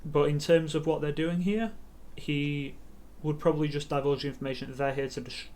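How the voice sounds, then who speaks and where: A man's voice: fairly high pitch, fairly even intonation, fairly quick, darkish tone, a little hiss or hum. A man running a tabletop game on stream as game master, narrating loosely and hesitantly with many fillers. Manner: loose, hesitant narration full of ums and "sort of".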